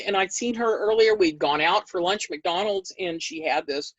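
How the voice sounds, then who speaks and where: A woman guest in an interview, telling a story in a conversational way and acting out the quoted dialogue with big jumps in pitch. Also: moderate pace, dry recording, muffled recording. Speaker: interview guest recounting history.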